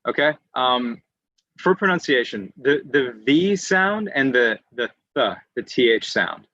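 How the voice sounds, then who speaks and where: Bright-voiced man lecturing online. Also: medium pitch, animated, unhurried, dry recording. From United States. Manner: patient explainer who often restarts phrases and fills with "um". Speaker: English teacher presenting at an online conference. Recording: dry, slightly muffled online audio.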